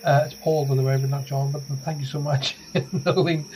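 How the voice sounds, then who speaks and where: A man's voice: fairly high pitch, flat delivery, moderate pace, a little mellow, a little hiss or hum, low-quality recording. A British man hosting a live late-night radio talk show, chatting in a rambling, self-deprecating way with lots of fillers. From United Kingdom.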